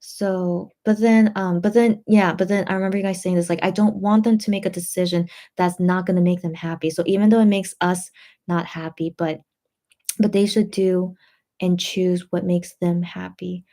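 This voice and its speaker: Woman, livestream host, mellow voice, rambling, sleepy and tipsy, reads chat aloud. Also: on the low side, steady tone, normal speed. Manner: rambling, many fillers and restarts, reads comments aloud. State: tired and a little tipsy. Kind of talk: casual late-night livestream chat.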